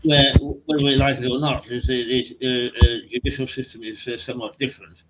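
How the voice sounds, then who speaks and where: Halting older man hosting a chat. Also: medium pitch, little pitch movement, noisy background. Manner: halting, hesitant storyteller. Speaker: host and journalist. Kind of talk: casual chat on a video stream.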